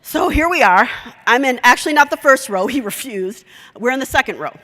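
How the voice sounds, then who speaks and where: Bright-voiced woman telling a story in a hall. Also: sits high, a little fast. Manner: lively storyteller who acts out dialogue. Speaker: conference speaker. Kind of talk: storytelling conference talk. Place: conference session hall. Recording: echoey conference hall.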